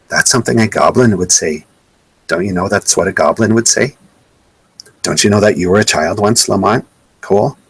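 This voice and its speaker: A man's voice: lowish voice, normal speed, long pauses, breathy edge, dry recording, rough recording. A man giving a live webcast slideshow talk in an indignant, sarcastic way, often repeating himself. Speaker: presenter.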